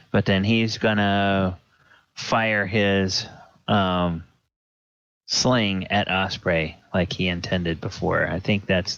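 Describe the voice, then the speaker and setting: A man running a tabletop game as dungeon master, unhurried and hesitant, with many fillers. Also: low voice, a bit bright, no echo. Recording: dull lo-fi audio.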